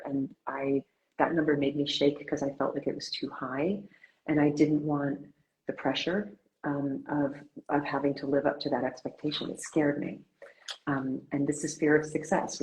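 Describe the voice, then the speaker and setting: A woman's voice: very deep voice, a little mellow, low-quality recording. A woman interviewing a fellow author in a conversational way. She asks earnest, rambling questions full of fillers and restarts.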